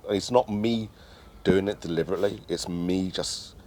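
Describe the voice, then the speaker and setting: A man talking bluntly in casual chat, swearing freely and getting animated. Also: low voice, moderate pace, slight background noise.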